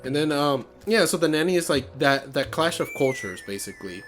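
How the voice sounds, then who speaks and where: A man's voice: fairly high pitch, expressive, brisk, fairly bright tone, soft background music. A man co-hosting a podcast, chatting casually and rambling with lots of fillers. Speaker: podcast co-host. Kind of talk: casual chat.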